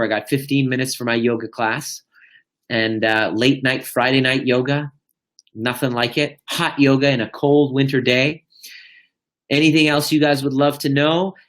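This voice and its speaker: Male life coach, live Q&A, energetic and blunt, swears freely, mid-range voice. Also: mid-range voice. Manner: animated, profane, swings between loud and hushed. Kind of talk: live stream Q&A. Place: indoors, live video.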